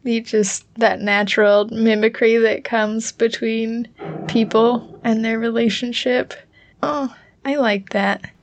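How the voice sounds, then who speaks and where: A woman with a Utah accent co-hosting a podcast, chatting in a quick, animated and playful way. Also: on the high side. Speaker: podcast co-host. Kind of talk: casual chat.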